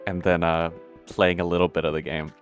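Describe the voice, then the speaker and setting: While playing a game, a man rambles casually, cursing often and making fun of himself, and he is out of breath. His deep voice has little pitch movement and runs a little fast. The highs are cut off, and faint music plays behind him.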